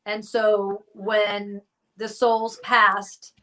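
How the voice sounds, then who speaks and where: A woman doing remote viewing in a casual live chat, halting and full of restarts, given to squeamish exclamations. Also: mid-range voice, level tone, pushed and bright. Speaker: psychic remote viewer.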